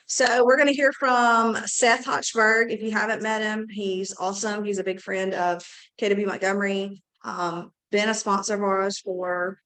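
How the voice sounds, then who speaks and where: A woman with a hoarse, scratchy voice runs a casual team meeting in an office. She speaks at a medium pitch and keeps things upbeat, chatty and a bit rambling. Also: a bit bright. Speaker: team leader hosting a meeting.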